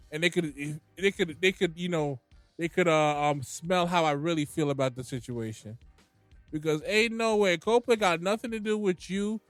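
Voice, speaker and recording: A man's voice: a little high, moderate pace, no echo, faint music behind. A man co-hosting a podcast in casual banter, laughing often and talking in slang with lots of repeats. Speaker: podcast co-host.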